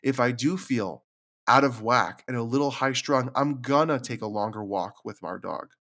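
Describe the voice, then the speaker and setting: Talking about his struggles on his own podcast, this man sounds earnest and confiding, occasionally repeating words when emotion takes over. He speaks at a normal speed, with a medium pitch and a fairly bright tone, in a reflective solo style.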